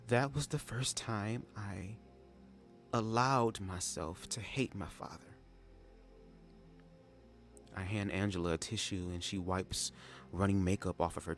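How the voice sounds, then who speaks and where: Male reader, low voice, live read-aloud with sassy asides; faint music. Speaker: reader of a memoir.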